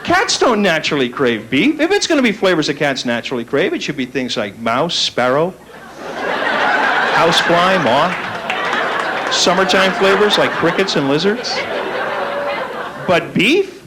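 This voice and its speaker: High, lively man doing stand-up. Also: unhurried, long pauses. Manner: playful, acts out voices of characters. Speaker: stand-up comedian. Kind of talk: stand-up comedy set. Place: comedy club stage before a laughing audience. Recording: live club recording with crowd noise.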